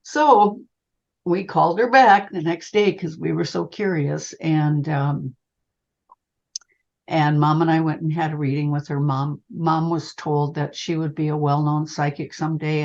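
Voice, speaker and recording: Older lady psychic telling a story, lowish voice, kinda muffled lo-fi sound. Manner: animated, calls the listener honey. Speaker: psychic medium guest. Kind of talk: storytelling in an interview. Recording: dull lo-fi sound.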